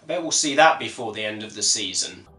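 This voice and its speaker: A man reacts to a cartoon in an exasperated, questioning tone, his pitch rising and falling widely. The recording sounds roomy, with clear echo around him. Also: expressive, quick pace, bright, forceful tone. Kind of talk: reaction commentary. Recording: echoey room.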